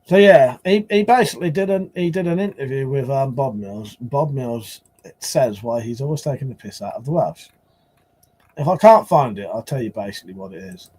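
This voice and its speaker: A man's voice: mid-range voice, lively intonation, normal speed, warm tone, slightly rough. A man hosting a casual live stream, rambling and swearing as he answers chat.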